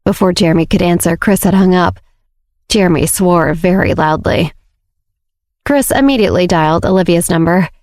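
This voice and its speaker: A woman's voice: lowish voice, normal speed, darkish tone, dry recording, studio quality. A woman reading a romance novel aloud as scripted audiobook narration.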